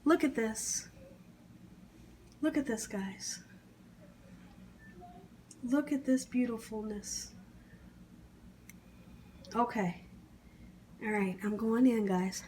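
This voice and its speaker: A woman hosts her cooking vlog, savoring each bite with drawn-out humming sounds and sometimes slipping into a whisper. Her voice sits a little high, and she speaks very slowly. A faint hiss of noise runs underneath. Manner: slips into an excited whisper. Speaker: cooking channel host. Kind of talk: casual cooking vlog, tasting on camera.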